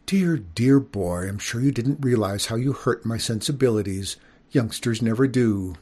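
A man's voice: mid-range voice, lively intonation, normal speed, a little mellow, husky. A man reading an audiobook, voicing a prim, genteel widowed mother skunk who lectures in a proper manner. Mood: gentle.

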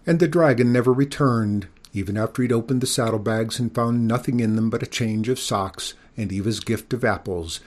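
A man reading a children's story aloud, expressive and giving each character a voice. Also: mid-range voice, normal speed, few pauses.

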